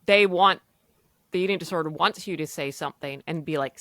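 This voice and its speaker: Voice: medium pitch, a little fast, creaky, pushed and bright, no echo. A podcast host speaking to parents in an emphatic, conversational way.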